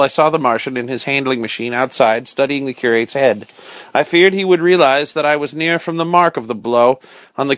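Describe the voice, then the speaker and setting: Male storyteller, mid-pitched, dry close sound, dramatic bedtime reading. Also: fairly bright tone, no room sound.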